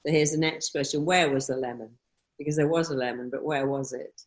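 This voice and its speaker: A woman's voice: low-pitched, steady tone, brisk. A woman answering interview questions in an emphatic way, often acting out quoted self-talk. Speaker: guest speaker on mindset.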